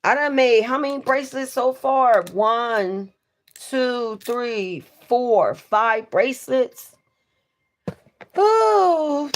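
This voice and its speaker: A woman's voice: on the high side, takes it slowly. A woman chatting casually with viewers on a livestream, swearing freely and talking straight to them. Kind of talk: casual live stream chat.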